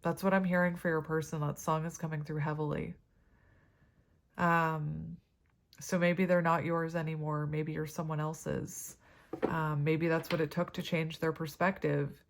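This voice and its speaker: A woman's voice: sits low, flat delivery, unhurried, gravelly. A woman giving a tarot reading to camera, chatty and rambling, with many fillers and side stories. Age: adult parent. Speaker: tarot reader.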